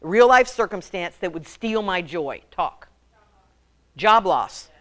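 Animated, joking woman preaching. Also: fairly low pitch, moderate pace. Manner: animated, joking, calls for audience answers. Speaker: women's ministry speaker. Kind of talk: humorous sermon to a women's group.

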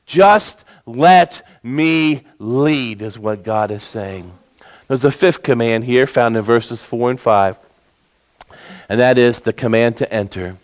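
A man preaching a sermon as pastor, slowing down and leaning hard on key words for emphasis. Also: lowish voice, fairly even intonation, a little mellow. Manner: preaching with emphatic, slowed-down stresses.

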